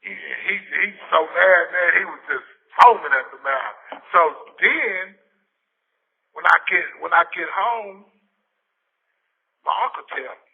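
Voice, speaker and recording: A man in his fifties from Texas, telling stories in a casual interview, animated and often repeating and restarting his words. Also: high-pitched, measured pace, creaky, pauses often, slightly rough. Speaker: interview guest, former football player. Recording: tinny phone-like lo-fi audio.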